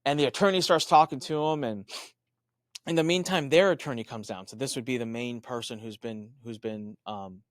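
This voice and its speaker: Man, podcast guest, animated storytelling, mid pitch, dry close mic, fillers and restarts. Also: dry recording. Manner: animated, acts out quoted voices with big pitch jumps. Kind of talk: storytelling in an interview.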